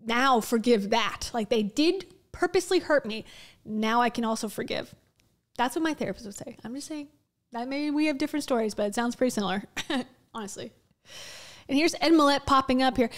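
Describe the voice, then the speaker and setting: A woman's voice: a little high, normal speed. Blunt casual woman commentator. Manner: candid, blunt, swears casually. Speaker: commentary host.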